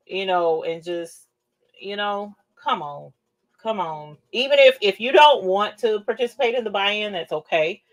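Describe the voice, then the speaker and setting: A woman's voice: on the low side, fairly bright tone. A woman hosting a casual craft livestream who gushes, repeats herself and calls her viewers fam. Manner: gushing, repeats phrases, addresses viewers as fam. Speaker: livestream host showing rhinestone shirts.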